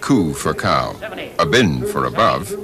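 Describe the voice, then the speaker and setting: A man reading scripted documentary narration in a measured, expressive way. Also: very deep voice, over music.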